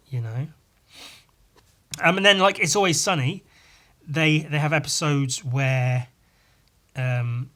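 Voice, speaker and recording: A man talks through a casual solo podcast episode in a middle-pitched voice. He rambles and hesitates, restarting sentences and filling gaps with ums. His tone is laid-back and self-deprecating. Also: a bit bright. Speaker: podcast host.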